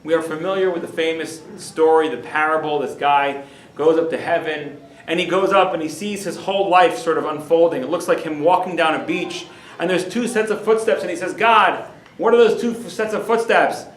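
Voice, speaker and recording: A man's voice: on the high side, fairly quick. A man, a rabbi, delivering a dramatic storytelling lecture in a lecture hall. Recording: roomy hall echo.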